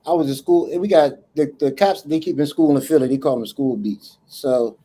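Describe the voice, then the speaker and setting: Man, podcast co-host, husky, mellow tone, lively storytelling, salty language, acts out voices. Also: a little high, moderate pace. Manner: animated, profane, acts out dialogue. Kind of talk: casual storytelling chat.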